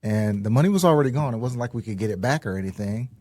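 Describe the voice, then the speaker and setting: A man co-hosting a podcast, chatting casually in a calm, easygoing way. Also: medium pitch, rapid-fire. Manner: calm, easygoing, reasoning it through. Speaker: podcast co-host. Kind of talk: casual chat.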